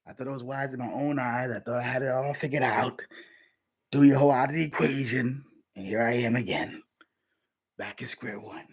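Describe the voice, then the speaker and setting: A man's voice: mid-range voice, fairly even intonation, moderate pace, slightly rough. A man giving an informal scripture teaching in a streetwise, conversational preaching manner. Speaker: religious teacher.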